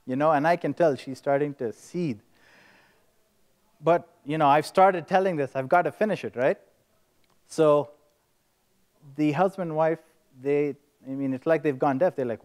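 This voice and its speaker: A man telling a story casually and with animation during a presentation on a conference stage. His voice sits fairly high for a man. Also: animated, moderate pace, darkish tone. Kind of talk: telling an anecdote and joke in a presentation.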